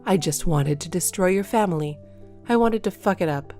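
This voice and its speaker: Spiteful jealous neighbor lady, done by a woman reader, resentful, lowish. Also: normal speed, warm tone, soft background music, natural voice. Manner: bitter, resentful.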